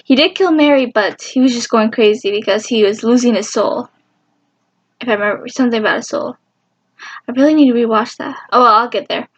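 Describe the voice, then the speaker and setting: A young woman with a high voice talks through a show recap in a rambling, excited way and keeps jumping back to her feelings about it. The recording sounds dull and lo-fi, like a simple home setup. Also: fairly quick, husky. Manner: rambling and emotional, with sudden high squeals. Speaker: fan vlogger.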